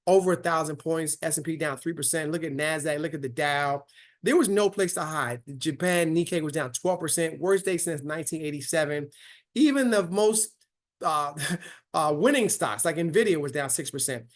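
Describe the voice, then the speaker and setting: A man's voice: a little high, normal speed. A man hosting a casual online investing lesson as a financial coach, upbeat and checking in with listeners with a frequent "right?".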